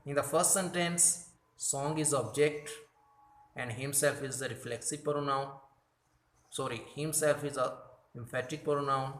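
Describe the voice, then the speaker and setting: Slow, deliberate male grammar teacher. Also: mid-range voice, fairly even intonation, a bit bright, echoey room. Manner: slow and deliberate, corrects his own slips. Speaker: English teacher. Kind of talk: grammar lesson explaining slides.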